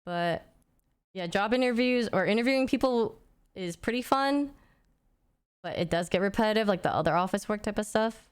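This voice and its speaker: A woman's voice: medium pitch, lively intonation, normal speed, clean tone. A young woman streamer in casual chat, rambling and thinking aloud as she answers questions.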